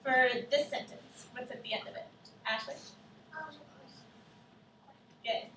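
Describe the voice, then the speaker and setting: A woman co-teaching a class, explaining clearly step by step and asking the children questions. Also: on the high side, steady tone, takes it slowly, bright, forceful tone, slight background noise. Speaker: student teacher. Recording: echoey classroom from far off.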